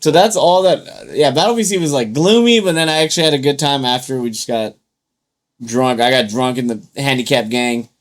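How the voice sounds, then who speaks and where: A man's voice: medium pitch, lively intonation, fairly quick. Laid-back profane man spinning stories. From United States. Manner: loose, profane storytelling with acted-out quotes. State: tipsy from drinking. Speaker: podcast co-host. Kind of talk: casual chat.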